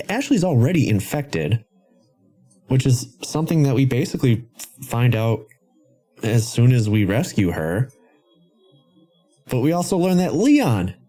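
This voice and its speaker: A man hosting a podcast about video games, ranting in an animated, sarcastic way. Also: medium pitch. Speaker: podcast host. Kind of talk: casual game-commentary podcast.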